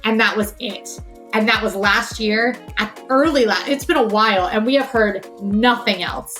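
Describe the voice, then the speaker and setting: A woman's voice: medium pitch, normal speed, fairly bright tone, faint music behind. A woman co-hosting a casual chat, explaining things at length with lots of fillers. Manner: chatty, explains at length with many "like"s and "um"s. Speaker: co-host.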